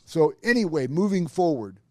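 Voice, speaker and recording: A middle-aged Nebraska podcast host, speaking at normal speed in a slightly high voice, narrates a personal career story and animatedly impersonates the people in it. The recording is studio quality with no echo.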